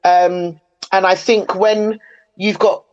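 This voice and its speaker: A woman's voice: medium pitch, steady tone, takes it slowly, a little mellow, lo-fi sound, faint music behind. A woman in casual podcast chat, chatty and opinionated, retelling moments with animation.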